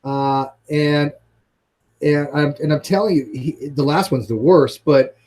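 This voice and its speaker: A man in casual livestream chat, excitable and profane, often restarting his sentences. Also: fairly high pitch, unhurried.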